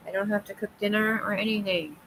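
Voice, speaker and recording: A woman hosting a casual livestream chat with viewers, talkative and quick to laugh, often restarting her sentences. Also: medium pitch, steady tone, fairly bright tone, slight background noise, low-quality recording. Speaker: livestream host.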